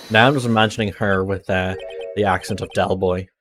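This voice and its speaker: A man's voice: low voice, fairly even intonation, brisk, fairly bright tone, soft background music. A man streaming a game live, making wry, joking asides to his chat. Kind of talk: live game playthrough commentary.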